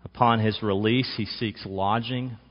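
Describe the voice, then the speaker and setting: A man with a fairly low voice delivers a sermon, measured and emphatic, leaning hard on key words. The sound is a bit dull and muffled, with long reverb trailing behind him. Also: fairly even intonation. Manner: measured, emphatic preaching with slow stressed phrases. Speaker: pastor.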